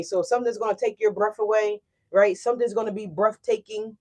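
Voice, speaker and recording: Doing an informal tarot reading for viewers, this woman speaks a little fast in a mid-range voice, emphatic and lively. She curses without restraint and keeps asking "right?" A little hiss or hum sits under the recording.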